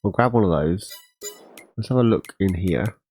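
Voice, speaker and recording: A man's voice: low voice, moderate pace, a little mellow, soft background music, low-quality recording. A man chatting casually as he plays a farming game, rambling and correcting himself. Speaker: gaming channel host.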